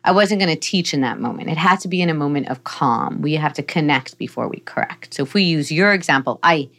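Woman explaining parenting stuff on a podcast, calm and steady, acts out soft lines to a kid. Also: low-pitched, fast. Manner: calm, explanatory, acts out gentle phrases to a child. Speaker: psychologist guest. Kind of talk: podcast conversation, giving parenting advice.

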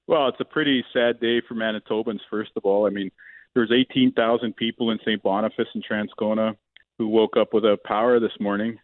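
A man's voice: on the low side, fairly even intonation, brisk, no room sound. A man, a political leader, giving an earnest interview to a radio host over the phone. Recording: tinny phone line.

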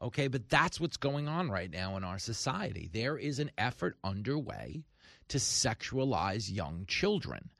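A man hosting a comedic political talk radio show, talking in an animated way and acting out voices in quotes. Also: mid-range voice, measured pace, vocal fry, dry recording, clean studio sound. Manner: animated, acts out voices in quotes, rising to shouts.

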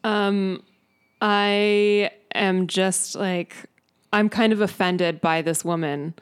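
A woman's voice: mid-range voice, fairly even intonation, slow, smooth. A woman playing a tabletop game, describing her character's actions casually. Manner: laughing, enthusiastic. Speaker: player.

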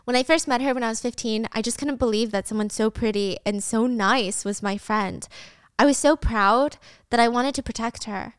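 A woman reading the lines of a hurt, self-blaming young woman in a soft, regretful way. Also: a little high, moderate pace, clear, resonant tone, no echo, studio quality, close to an everyday voice.

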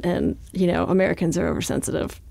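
Chatty woman with a gravelly voice. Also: fairly low pitch, sing-song, quick pace, dark tone, a little hiss or hum. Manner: chatty, frank, fills speech with "like". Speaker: author being interviewed. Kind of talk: candid conversational interview.

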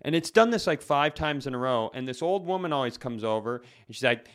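A man's voice: medium pitch, a little fast, few pauses, a bit bright. A man co-hosting a comedy podcast, rambling in loose casual chat, stopping and restarting his sentences and swearing freely. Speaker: podcast co-host.

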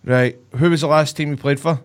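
Excitable high-voiced Scottish man. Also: fairly quick. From Ayrshire, Scotland. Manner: excitable, loud, sweary joking. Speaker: podcast co-host. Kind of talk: casual podcast banter.

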